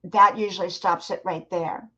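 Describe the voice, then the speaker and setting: A woman's voice: lowish voice, fairly even intonation, normal speed, sharp tone, slightly rough, dull audio. An older woman hosting a live stream, giving earnest motivational advice and talking straight to her viewers in the chat. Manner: earnest, advising, addresses chat viewers directly.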